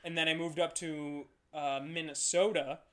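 High-voiced young man, loose podcast chat. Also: flat delivery, moderate pace. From Ohio. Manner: loose, profane, laughing storyteller. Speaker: comedian guest.

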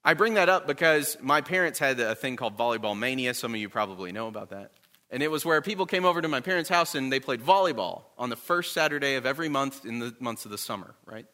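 A man leads a Bible class in a relaxed, conversational style, stopping often to check in with his listeners. His voice is bright and forward, at an ordinary middle pitch for a man. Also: fast talker.

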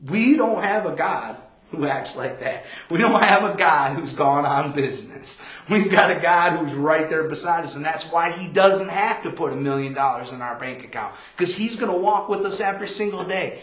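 A man pastor giving a conversational Bible study sermon, telling stories with animated quoted voices. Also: fairly high pitch, moderate pace. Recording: echoey room.

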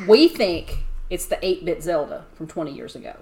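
A middle-aged woman co-hosting a podcast, chatting in a relaxed way and laughing along. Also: fairly low pitch, normal speed. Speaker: podcast co-host. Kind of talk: casual chat.

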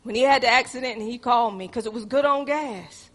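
A woman preaching a sermon, moving between loud exhortation and hushed personal stories, calling her listeners "y'all.". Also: on the high side, fast, big-room sound. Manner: animated, swings from loud exhortation to hushed storytelling; addresses the congregation as "y'all".

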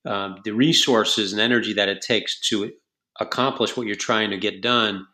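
A man's voice: fairly low pitch, fairly even intonation, normal speed, sharp tone. A man hosting a podcast, talking in a thoughtful, questioning way in a casual chat. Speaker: podcast host.

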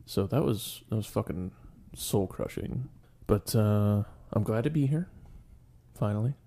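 A man's voice: on the low side, a little slow, warm tone. A young man telling a rambling, profane story on a casual podcast as its co-host.

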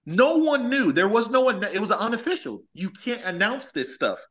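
A man's voice: high-pitched, normal speed. A man from Los Angeles, a former college athlete, telling stories in a casual chat and acting out quotes. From Los Angeles, California. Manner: animated, acts out quotes, says "like" often.

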